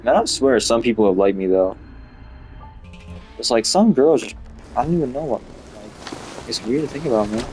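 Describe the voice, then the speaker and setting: A man's voice: mid-range voice, animated, normal speed, pauses often, a little mellow, faint music behind. A young man telling a story in a rambling, casual way, with lots of swearing and filler "like". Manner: rambling, swears a lot, heavy use of "like". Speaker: vlogger.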